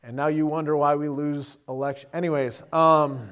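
Middle-aged guy preaching, chatty and jokey, slightly high voice. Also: steady tone, normal speed, a bit bright, smooth. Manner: conversational, humorous, asks "right?" often. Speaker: pastor. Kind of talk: sermon.

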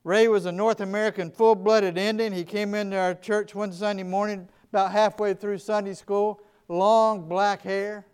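Southern US male pastor, high smooth voice, earnest storyteller in a sermon. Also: flat delivery, moderate pace, few pauses. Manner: earnest, emphatic, shifts from quiet to loud.

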